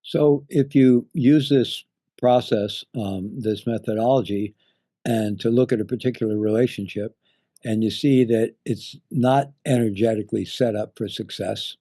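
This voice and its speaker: A man hosting an interview, thoughtful and a little hesitant as he works through his questions. His voice is deeply mellow and dark. It is recorded dry and close, with no room sound. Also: measured pace, husky, no room sound. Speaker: interviewer, summit host. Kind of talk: casual interview conversation.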